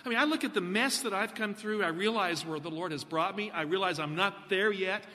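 A man preaching a sermon, animated, putting questions to the congregation. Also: high-pitched, brisk, big-room sound.

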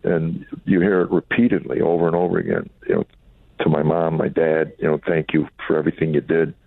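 A man's voice: extremely low pitch, flat delivery, fairly quick, vocal fry, no echo. A middle-aged comedian from Chicago telling wry, candid stories about his family in an interview. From Chicago, USA. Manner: reflective, wry, acts out family quotes. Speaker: comedian and author, guest. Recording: dry phone-line sound.

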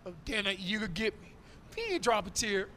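High bright-voiced guy co-host, bouncy and jokey, light hiss in the back. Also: brisk. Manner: playful, animated, joking. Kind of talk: casual radio chat.

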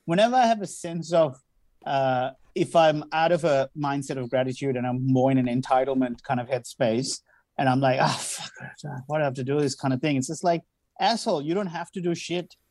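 A comedian chatting casually, agreeing and reflecting, swearing now and then. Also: male voice, medium pitch, a little fast, darkish tone, no room sound. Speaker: stand-up comedian. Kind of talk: casual podcast chat.

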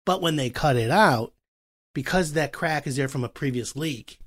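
A man hosting a talk show about home renovation, explaining with animated acted-out dialogue. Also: fairly high pitch, moderate pace. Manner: animated, acts out customer and contractor voices. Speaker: podcast host.

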